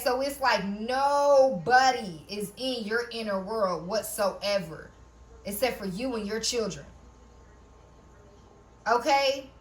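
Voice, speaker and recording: A woman's voice: high voice, a bit bright. A woman giving a casual spiritual tarot reading, who keeps checking in with "okay?", laughs often and swears now and then. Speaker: tarot reader.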